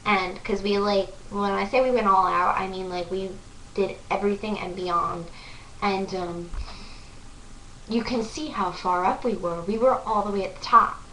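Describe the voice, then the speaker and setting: A woman's voice: medium pitch, steady tone, moderate pace, bright, forceful tone, recorded from a distance. Young woman, vlogger, gushing storytelling, filler-heavy, echoey room, faint background hum. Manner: breathless, gushing, lots of "like" fillers. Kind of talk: excited storytelling to camera.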